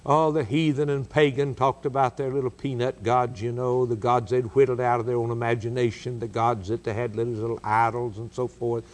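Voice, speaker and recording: Male preacher, mid pitch, dramatic storyteller who swings his pace and loudness. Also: little pitch movement, brisk, few pauses. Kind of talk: sermon.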